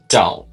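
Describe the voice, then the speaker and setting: Tipsy male tarot streamer, unhurried drawl, rambling asides, soft music bed. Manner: rambling, full of "you know what I mean". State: tipsy from drinking. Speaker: tarot reader co-host. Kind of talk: casual livestream chat.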